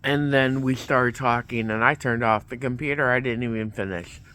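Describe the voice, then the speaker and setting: A man vlogs casually with a mid-range, steady, sharp-toned voice at a moderate pace, with slight background noise. He rambles through a story, voicing the quoted back-and-forth of both sides.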